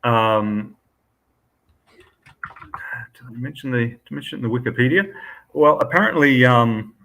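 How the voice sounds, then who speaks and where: An Australian man co-hosting a casual live-stream chat, speaking hesitantly with many pauses and short laughs. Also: mid-range voice, creaky, fairly bright tone, rough recording. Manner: hesitant, lots of ums and quick laughs. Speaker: co-host.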